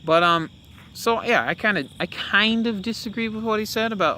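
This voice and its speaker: A young man talks casually as a podcast host, his voice bright and forward. He rambles, restarting sentences and filling gaps with "uh" and "you know". Faint hiss and insect sounds sit behind him. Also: high voice, very animated, normal speed. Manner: rambling, with many fillers and self-corrections. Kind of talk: casual opinion monologue.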